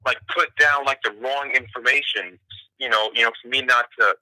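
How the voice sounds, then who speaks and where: A man's voice: medium pitch, steady tone, moderate pace, a loud crowd. A man in casual chat who halts and fills his speech with "you know", heard over a tinny line.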